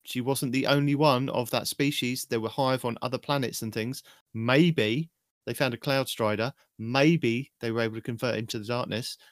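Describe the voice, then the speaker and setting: A man's voice: mid-range voice, normal speed, hardly any pauses, no room sound, studio quality. A man co-hosting a casual podcast, eagerly throwing out theories. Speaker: podcast co-host. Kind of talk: casual chat.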